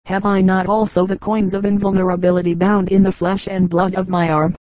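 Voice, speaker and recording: A woman's voice: medium pitch, level tone, brisk, darkish tone, no room sound, close to an everyday voice, rough recording. A woman reading the part of a fierce, boastful fanatic priest who claims magic powers, in a storybook reading. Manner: grandiose, boastful.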